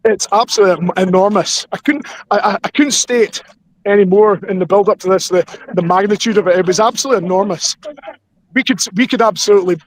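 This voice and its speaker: Hoarse, excitable football fan. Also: male voice, high voice, poor audio. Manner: excitable, rushing with repeated restarts. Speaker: fan reporting live after the match.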